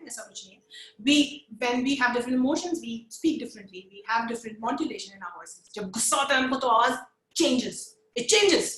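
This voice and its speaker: A woman's voice: a little high, a bit bright, reverberant, poor audio. A woman with an Indian accent teaching a puppetry webinar, mixing Hindi into her English and encouraging her listeners to try voices with her. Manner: switches between English and Hindi mid-sentence; encouraging, demonstrates voices with bursts of laughter. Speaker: puppetry trainer. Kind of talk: webinar lesson.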